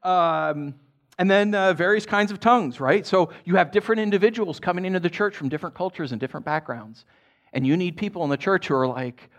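A man preaching a sermon to his congregation, chatty and animated, often tossing in "right?", and dropping soft and low when he reads scripture. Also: a little fast. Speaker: pastor.

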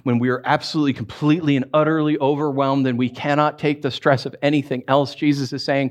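A man delivers a sermon as a pastor, his voice sitting a bit higher than most men's. He talks in a loose, conversational way, pokes fun at himself and hammers points home with repeated phrases. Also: fairly even intonation, fast, hardly any pauses. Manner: conversational and playful, with self-deprecating humor; emphatic repetitions.

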